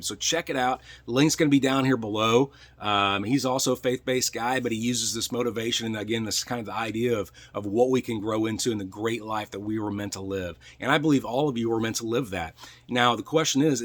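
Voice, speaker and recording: A man speaking straight to his viewers in a motivational vlog, earnest and a bit preachy. He keeps repeating phrases for emphasis and checks in with a quick "right?" as he talks from his truck. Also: on the low side. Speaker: real estate coach.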